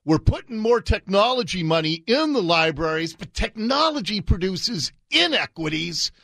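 Sarcastic male talk radio host, lively swooping pitch, fairly high voice, dry studio sound. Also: moderate pace, dry recording. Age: 50s. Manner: sarcastic, mocking, swings in pitch.

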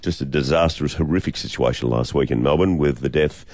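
Very deep-voiced man radio host. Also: a little fast, a little mellow, no room sound. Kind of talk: radio announcing. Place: radio studio.

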